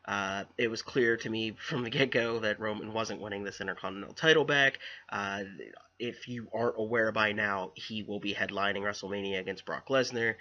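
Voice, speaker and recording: Bright-voiced man recapping wrestling casually. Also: lowish voice, highs cut off. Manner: rambling, animated, lots of fillers. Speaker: wrestling show reviewer.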